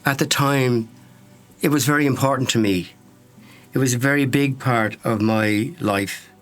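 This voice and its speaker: A man's voice: medium pitch, measured pace, soft background music. A man, a former radio presenter, speaking thoughtfully and sincerely about his past. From Ireland.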